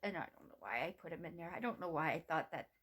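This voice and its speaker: A middle-aged woman vlogging from home, telling a personal story in a halting, rambling way with many restarts. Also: sits low, very animated, a bit bright, slightly rough.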